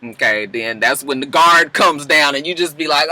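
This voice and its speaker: A man casually recapping a TV episode in an animated, chatty way, with frank, salty asides. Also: on the high side, a little fast, few pauses, no room sound. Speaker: TV episode reviewer.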